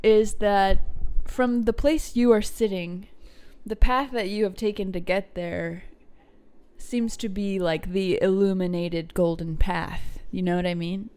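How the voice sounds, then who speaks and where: A woman co-hosting a casual podcast who talks at an unhurried, slow pace. Her pitch sits in a middle range, and she muses in a laid-back way with crude jokes. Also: steady tone, darkish tone, smooth. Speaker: podcast co-host. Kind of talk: casual chat.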